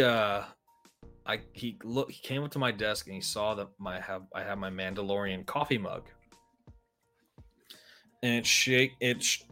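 Relaxed man chatting casually, mid pitch. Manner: relaxed storytelling with fillers. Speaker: podcast co-host. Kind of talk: casual chat.

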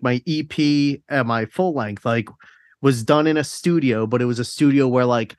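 A man's voice: mid-range voice, no echo. Chill podcast host guy, rambles and laughs a lot, swears easy, dry sound. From South Jersey. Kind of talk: casual podcast chat.

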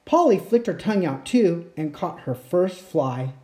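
A woman reading a children's picture book aloud at bedtime, expressive and playing out sound effects. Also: fairly low pitch, measured pace. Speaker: storyteller. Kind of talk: bedtime story read-aloud.

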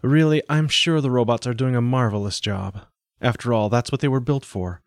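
A man's voice: lowish voice, brisk, dry recording, studio quality, lightly acted. A man doing an earnest, exasperated school doctor. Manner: urgent, exasperated.

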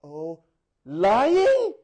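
A male pastor delivering a sermon, swinging between loud exclaiming and hushed asides as he acts out quoted voices. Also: sits high, huge pitch swings, extremely slow, breathy edge.

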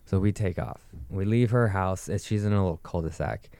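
A man's voice: sits low, a little fast, dark tone, clear, resonant tone. A young man telling a rambling, profane story in casual chat. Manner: profane, rambling, with frequent likes.

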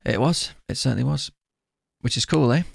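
A man chats on a podcast and slips in dry, teasing jokes between his points. His voice has a gravelly edge, and the sound is close with no room in it. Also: mid-range voice, lively intonation, a little fast, no echo. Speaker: podcast co-host. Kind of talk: casual chat.

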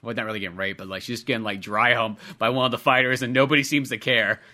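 A man's voice: mid-range voice, fairly even intonation, quick pace, pushed and bright. A young man co-hosting a podcast, chatting casually with a loose, profane way of talking. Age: young adult. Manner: loose and profane, lots of fillers. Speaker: podcast co-host. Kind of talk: casual chat.

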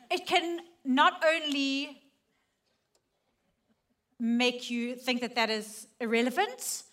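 A middle-aged woman speaks to a church gathering, earnest and personal. Her voice sits fairly high and rings bright and forceful. She moves from loud, laughing lines to soft, hushed ones. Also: takes it slowly, long pauses. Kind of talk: personal testimony talk.

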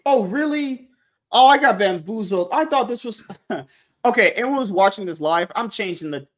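Podcast dude with a pretty high voice that swings all over, curses, laughs a lot. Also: male voice, normal speed. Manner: animated, swearing, laughing. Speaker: podcast co-host running the stream. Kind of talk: casual podcast chat.

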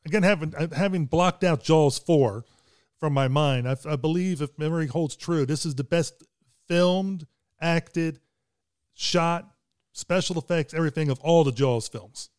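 A man's voice: fairly high pitch, unhurried, darkish tone, smooth, dry recording, clean studio sound. A middle-aged man hosting a casual movie podcast, talking hesitantly with many fillers and restarts. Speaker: podcast host and father.

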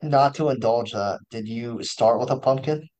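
A man's voice: medium pitch, moderate pace, a little mellow, slight background noise. A young man co-hosting a podcast in casual chat, teasing his friends with questions and laughing along. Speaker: podcast co-host.

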